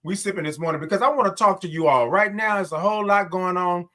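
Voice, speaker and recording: A man's voice: sits high, quick pace, fairly bright tone. A man hosting a casual morning livestream, greeting viewers by name and stretching out his sung greetings. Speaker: livestream host.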